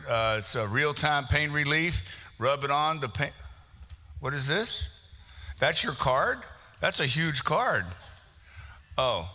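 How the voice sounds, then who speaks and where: A man's voice: mid-range voice, bright, forceful tone. A man emceeing a live prize raffle in a meeting hall, teasing people and calling out names to the crowd. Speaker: event emcee. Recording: long reverb of a big hall.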